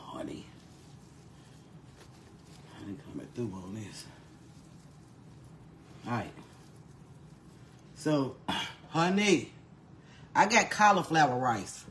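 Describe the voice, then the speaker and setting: A woman's voice: rumbling low, roomy sound, noisy background. Bawdy honey-calling woman cooking on camera. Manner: bawdy storytelling, calls everyone honey, laughs a lot. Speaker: cooking vlogger. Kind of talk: casual cooking vlog chat.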